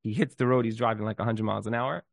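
A man giving an inspirational talk, telling a story in an animated way and often restarting his words. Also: on the low side, racing, vocal fry, no echo.

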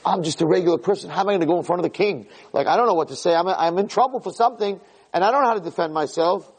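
A man's voice: sits high, very fast, breathy edge, voice pushed up. A man acting out a frightened ordinary man who has been called before the king and is pleading for help. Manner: anxious, pleading. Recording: long reverberant hall.

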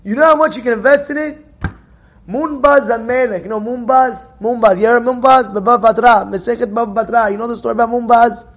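A man's voice: very high voice, steady tone, brisk. A man giving an informal Torah lesson, telling stories animatedly with repeated phrases and acted-out dialogue.

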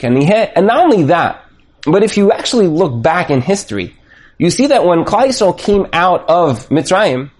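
A man giving a Torah lesson on the weekly portion, telling the story animatedly and thinking aloud with restarts. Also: sits high. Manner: animated storytelling, acts out dialogue. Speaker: Torah teacher.

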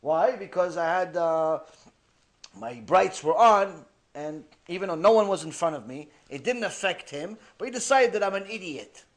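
A man delivering a religious ethics lecture, telling stories in an animated way and mixing in Hebrew terms. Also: high voice, normal speed. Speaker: Torah lecturer.

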